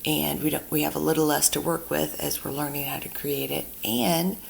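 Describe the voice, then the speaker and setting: A woman instructor giving a screen-recorded software tutorial, chatty and talking herself through each step. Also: low voice, steady tone, normal speed, gravelly, a little hiss or hum.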